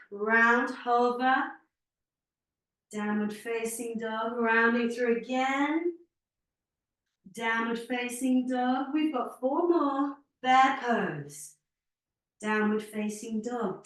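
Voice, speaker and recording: A woman guides a Pilates class at an unhurried pace, calling out counts and quick encouragement while slightly out of breath. Her voice sits a bit high. She is heard from a distance in a strongly echoing room. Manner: counts reps aloud with short encouraging cues. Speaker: Pilates instructor. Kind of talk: guided workout instruction. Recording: very echoey room, speaker away from mic.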